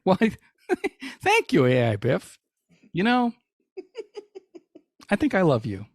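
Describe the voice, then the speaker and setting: Animated, teasing male podcast host. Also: fairly high pitch, slow pace, long pauses, no echo, clean studio sound. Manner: teasing, laughs often. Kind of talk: casual comedic chat.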